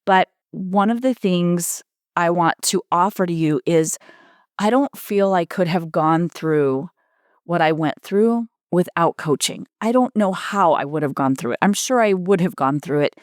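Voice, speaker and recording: A woman's voice: lowish voice, lively intonation, unhurried, no room sound, studio quality. A middle-aged woman hosting her own coaching podcast, speaking earnestly and heartfelt, with emphatic repetition. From United States. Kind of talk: personal podcast monologue.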